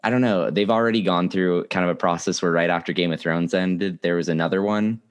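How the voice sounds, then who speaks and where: Young guy with a really low voice chatting casually, laughs a lot. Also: fairly even intonation, fairly quick, smooth. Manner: laughs often, easygoing. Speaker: podcast co-host. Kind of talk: casual chat.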